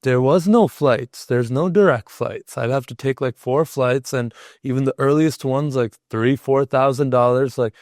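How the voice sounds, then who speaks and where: A man's voice: medium pitch, moderate pace, hardly any pauses, darkish tone, dry recording, studio quality. A young man, a podcast guest, telling a personal story in a casual, rambling way with lots of "like". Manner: rambling, heavy use of filler "like".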